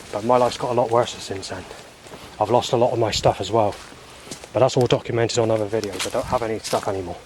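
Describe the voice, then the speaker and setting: Man, vlogger, rambling hesitant monologue, mid pitch, faint background hiss. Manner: repetitive, hesitant, circling back on itself.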